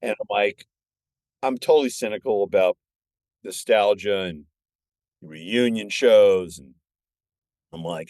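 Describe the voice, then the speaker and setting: A man in his sixties, a filmmaker guest on a podcast, telling stories in an animated, excitable way. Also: fairly low pitch, slow pace, long pauses, dry recording, studio quality. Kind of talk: casual podcast chat.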